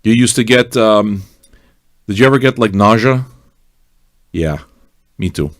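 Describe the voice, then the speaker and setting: A man's voice: on the low side, unhurried. A man hosting an independent radio show as DJ, chatting casually between records in a loose, profane, rambling way. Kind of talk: casual on-air chat.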